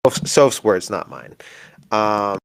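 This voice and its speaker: A man runs a tabletop game in a relaxed, low voice. He meanders playfully and fills pauses with ums. He teases his players as he narrates. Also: creaky. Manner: playful, rambling, many fillers. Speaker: game master.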